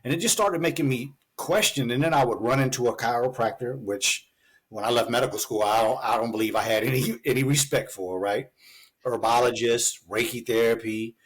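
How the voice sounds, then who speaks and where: Speaking a little fast with a breathy edge in a mid-range voice, a male physician tells his story as a talk show guest. The interview is conversational storytelling, loose and chatty and packed with fillers.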